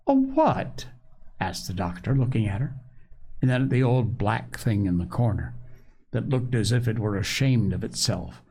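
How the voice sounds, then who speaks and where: A man narrating a children's story aloud, reading slowly and expressively. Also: on the low side, warm tone, breathy edge. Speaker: audiobook narrator.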